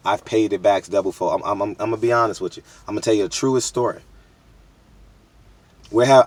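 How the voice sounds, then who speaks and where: A man's voice: on the low side, no echo. A man in his thirties from the United States, talking straight to his viewers in a candid, emphatic, street-casual monologue full of repeats. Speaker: boxing media vlogger.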